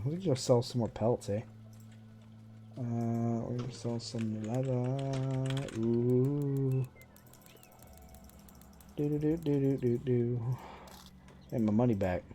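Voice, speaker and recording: A man's voice: medium pitch, expressive, takes it slowly, pauses often, a little mellow. A man streaming a game live, chatting casually in a sarcastic, self-mocking running commentary as he plays. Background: faint game music.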